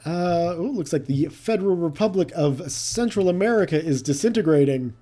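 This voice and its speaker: In relaxed let's-play commentary on a strategy game, a man muses aloud and teases playfully. He speaks at a normal speed in a slightly high voice that is still mellow and dark, and his intonation swings up and down a great deal.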